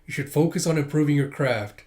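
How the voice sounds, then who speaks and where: A formal, exacting senior apprentice from a manga, every sentence a clipped instruction, as a man reading aloud puts him on. The voice sits a little high. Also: fairly quick, darkish tone, lightly acted. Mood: stern. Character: stern strict male senior apprentice storyteller.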